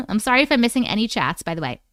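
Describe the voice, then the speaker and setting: A woman's voice: mid-range voice, dry recording, clean studio sound. A woman with an Oklahoma accent hosting a casual livestream, venting with lots of swearing and laughter while reading viewer chat. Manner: animated, exasperated venting with frequent swearing and laughter.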